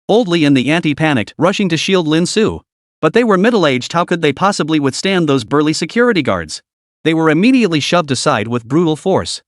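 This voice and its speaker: A man narrating a scripted story recap in a steady, dramatic way. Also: fairly high pitch, fairly quick, no room sound, studio quality.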